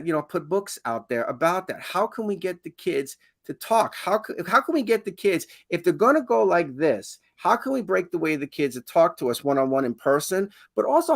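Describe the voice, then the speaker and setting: A man guesting on a podcast interview, talking in an animated, emphatic way and jumping up in pitch to stress his points. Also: dry recording, studio quality. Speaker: education consultant guest.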